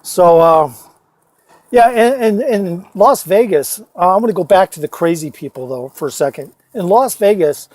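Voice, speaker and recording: A man with a notably high-pitched voice tells loose, meandering personal stories into his phone. He swears freely and keeps stopping to restart his sentences, padding them with "uh" and "you know". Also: lively intonation, moderate pace, darkish tone, no echo. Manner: profane, rambling, many fillers and restarts. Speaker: storyteller vlogger. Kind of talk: casual rambling storytelling.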